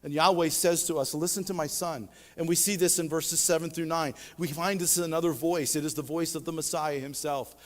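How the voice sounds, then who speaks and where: Male pastor, high voice, emphatic preaching style, church hall reverb. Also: steady tone, fairly quick, hardly any pauses. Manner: preaching with emphatic swells and drops. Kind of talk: sermon. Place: church sanctuary.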